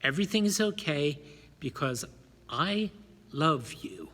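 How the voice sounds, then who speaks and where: Figure: a gentle nasal preacher, calm under blows, as a male reader does him, slow and husky. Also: on the high side, exaggerated voice. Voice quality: nasal, whining. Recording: long hall reverb.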